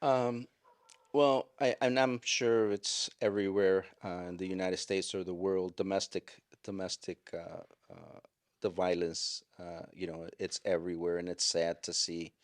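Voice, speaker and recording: A man's voice: low voice, flat delivery. Older man, chaplain telling stories. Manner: halting, with many fillers and restarts. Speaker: chaplain and guest. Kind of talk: storytelling interview.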